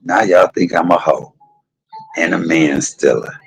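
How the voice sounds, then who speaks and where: On poor audio, a middle-aged man with a low-pitched, gravelly, slightly rough voice speaks a little slowly. He casually tells candid, salty stories to his live stream audience, gossiping and voicing the people in them animatedly.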